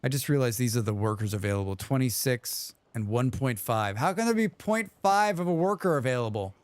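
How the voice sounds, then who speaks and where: A man's voice: medium pitch, lively intonation, a little fast, smooth, no echo. Chatty male game streamer. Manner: chatty, muttering reactions and questions to the game. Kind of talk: casual gaming commentary.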